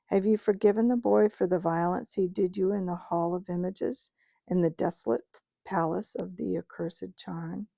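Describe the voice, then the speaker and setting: A majestic, kindly lion king speaks with grave, measured authority, as a woman reading a storybook puts him on. The voice has a gravelly, dark edge and sounds close and dry, with no room around it. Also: fairly low pitch, fairly even intonation, dry recording. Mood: solemn. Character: majestic male lion king, solemn and kind.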